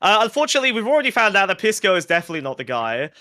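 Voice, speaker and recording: Excitable high-voiced man stammering through banter. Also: very fast, dry recording, studio quality. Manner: excitable, stammering restarts, heavy swearing. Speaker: podcast co-host. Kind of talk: crude comedic banter.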